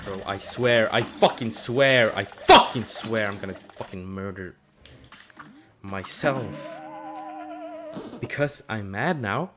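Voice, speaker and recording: Young man swearing through slow gameplay commentary. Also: lowish voice. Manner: profane, swinging from frustrated yelling to muttering. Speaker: gaming channel host.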